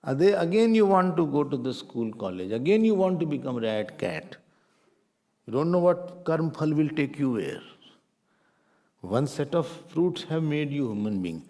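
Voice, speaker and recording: A middle-aged man with an Indian accent, teaching a spiritual class in a lively, playful way. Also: a little high, measured pace. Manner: animated, playful, mixes Hindi phrases. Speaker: Vedanta teacher.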